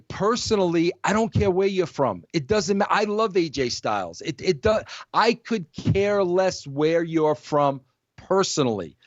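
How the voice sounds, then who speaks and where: In a dry recording with no room sound and the highs cut off, a high-pitched, middle-aged man hosting a podcast pushes his view hard in a heated, casual debate. He's emphatic and repeatedly calls the other man "bro."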